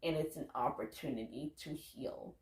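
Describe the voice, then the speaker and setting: A woman's voice: low voice, normal speed, echoey room. A woman giving loose, candid motivational talk to her viewers, casually swearing and saying "like" a lot. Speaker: vlogger, parent.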